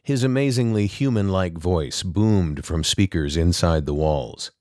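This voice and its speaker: A man narrating a short story in a measured, even delivery. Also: low voice, no echo, studio quality.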